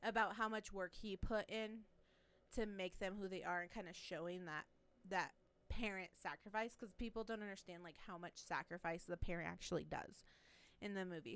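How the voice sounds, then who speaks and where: A woman's voice: medium pitch, smooth. A young adult woman co-hosting a casual chat, telling stories with lots of laughter and swearing. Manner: animated, laughing, swearing storyteller. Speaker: podcast co-host. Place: room with co-hosts watching TV.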